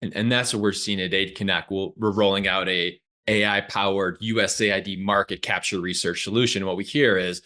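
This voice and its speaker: A male podcast host with a lowish voice and a bright, forceful edge. He speaks in brief, halting turns to steer the conversation. The audio comes over a remote call. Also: steady tone. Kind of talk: casual podcast hosting.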